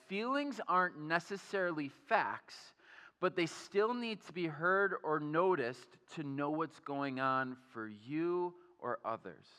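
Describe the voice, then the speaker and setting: A young pastor with a fairly high, bright and forceful voice preaches in a church auditorium. His delivery is energetic and chatty, full of fillers and questions to the crowd. The sound carries a long reverb from the hall. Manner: energetic and conversational, with many fillers and questions to the audience. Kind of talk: sermon.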